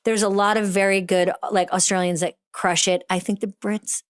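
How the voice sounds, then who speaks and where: A woman with a Boston accent hosting a casual interview, playful and quick to laugh. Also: mid-range voice, flat delivery, clear, resonant tone, no echo, clean studio sound. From United States. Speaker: podcast host.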